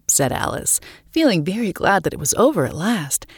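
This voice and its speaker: A woman narrating a storybook in a quick, lively reading. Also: fairly low pitch, slightly rough. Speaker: audiobook reader.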